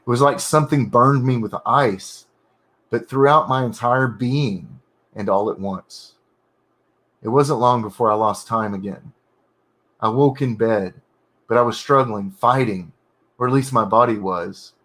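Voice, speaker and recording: A man reading his own horror story draft aloud, pausing in halting bursts to correct his wording and comment on it. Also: mid-range voice, a bit bright. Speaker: writer streaming his editing.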